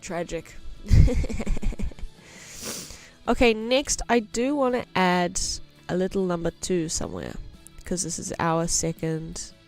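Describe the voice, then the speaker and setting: A woman's voice: lowish voice, lively intonation, slow, darkish tone, faint music behind. Chatty New woman streaming as she draws. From New Zealand. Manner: chatty and self-mocking, muttering to herself while working. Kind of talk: casual live-stream chat while drawing.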